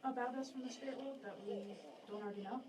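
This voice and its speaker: Woman, audience member, curious questions, fast talker, slightly high voice, off-mic. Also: distant mic, crowd noise. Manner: curious, quick, asks probing questions.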